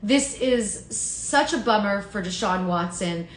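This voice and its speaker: A woman's voice: mid-range voice, lively intonation, slow pace, echoey room, slight background noise. A woman hosting a casual live stream on her phone, chatting and answering viewers' comments by name. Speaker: livestream host reading chat.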